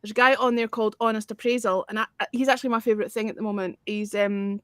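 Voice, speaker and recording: A woman's voice: mid-range voice, fairly even intonation, fast talker, clean tone, no room sound, clean studio sound. A woman, hosting a casual music chat in a blunt, swearing manner. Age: 40s. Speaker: host.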